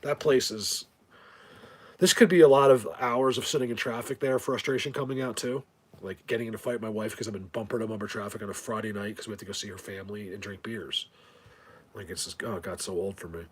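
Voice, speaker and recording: Middle aged guy rambling on a live stream, husky voice, lots of restarts and jokes. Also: on the low side, fairly even intonation, fast. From New Jersey. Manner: rambling, joking, many restarts. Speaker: live video host. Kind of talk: casual rambling live chat.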